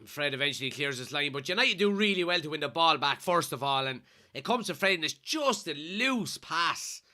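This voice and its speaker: A man's voice: on the high side, normal speed. Stuffy-nosed Irish man streaming a match. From Kilkenny, Ireland. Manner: excitable, shouts at players and referee. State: blocked nose from a cold. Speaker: watchalong streamer. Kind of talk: live match commentary and chat reading.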